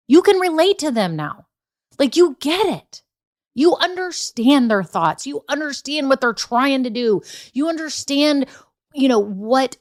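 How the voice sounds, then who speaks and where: A middle-aged woman hosting a business podcast, telling stories in a chatty, earnest way and repeating her key points for emphasis. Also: on the high side. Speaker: podcast host, business coach. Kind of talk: casual motivational podcast talk.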